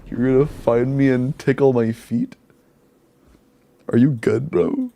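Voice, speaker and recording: Young male streamer, mid-pitched, casual and chatty, quick with numbers, laughs easily. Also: fairly even intonation, creaky, mellow. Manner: chatty, laughs often, rattles off game stats. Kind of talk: casual live-stream chat.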